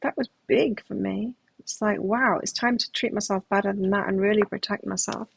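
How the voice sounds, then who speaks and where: A woman's voice: medium pitch, fairly even intonation, normal speed, creaky, a little hiss or hum, low-quality recording. A middle-aged woman giving a live tarot reading, talking in a reflective, self-help manner with frequent restarts. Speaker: tarot reader.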